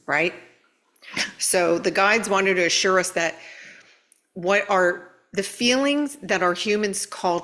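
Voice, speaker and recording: A woman hosting a spiritual guidance talk, animated, often checking in with "right?" and acting out her own inner voices. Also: on the low side. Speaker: spiritual channel host.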